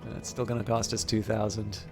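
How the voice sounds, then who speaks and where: A man's voice: lowish voice, level tone, brisk, music in the background. Man thinking aloud over a strategy game. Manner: thinks aloud with frequent fillers and restarts, self-amused. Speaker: game streamer. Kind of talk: live strategy game commentary.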